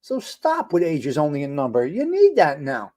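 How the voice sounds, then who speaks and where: A man's voice: a little high, brisk. Ranting middle-aged man hosting a livestream. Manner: animated, exasperated ranting with swearing; swings from loud outbursts to quiet mutters. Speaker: livestream show host. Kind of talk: casual livestream talk reacting to chat.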